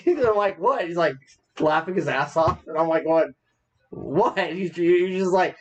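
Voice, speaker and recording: A man's voice: on the high side, expressive, normal speed, muffled recording. A married man co-hosting a podcast, telling rambling stories in casual chat and laughing at himself. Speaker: podcast co-host.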